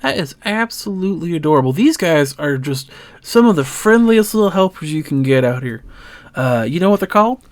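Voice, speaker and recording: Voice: mid-range voice, expressive, brisk, lightly acted. A game master voicing a cheerful, folksy female creature who runs the stables and talks in a country drawl. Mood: chatty. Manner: drawling country talk, affectionate. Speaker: stable keeper.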